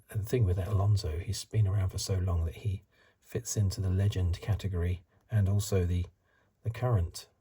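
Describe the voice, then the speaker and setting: Middle-aged male ASMR host, soft-spoken, low-pitched, very husky and breathy, close mic. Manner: soft-spoken, drifts into whispers, rambling asides.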